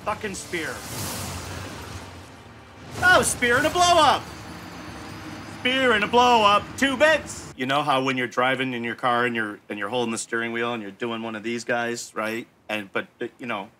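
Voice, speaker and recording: A man's voice: mid-range voice, expressive, moderate pace, sharp tone, slight background noise. A man in his fifties giving profane, exasperated gameplay commentary and scolding the game aloud. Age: 50s. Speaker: gaming channel host.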